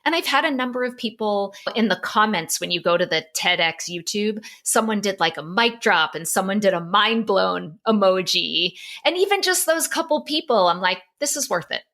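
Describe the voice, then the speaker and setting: A middle-aged woman, a psychologist, telling a candid personal story on a podcast, open and animated. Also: mid-range voice, moderate pace, hardly any pauses. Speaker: psychologist and author guest.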